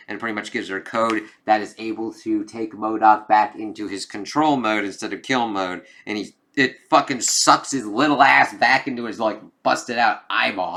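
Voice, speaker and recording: A man's voice: lowish voice, moderate pace, sharp tone. A man giving a casual comic book review, reading out character lines in between and swearing freely. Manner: reads comic dialogue aloud, casual and swearing.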